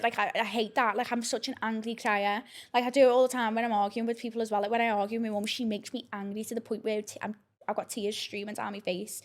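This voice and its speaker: Young woman, podcast host, rapid rambling delivery, blunt and sweary. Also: mid-range voice. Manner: frank, heavy swearing, rambling with many fillers. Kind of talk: casual storytelling podcast.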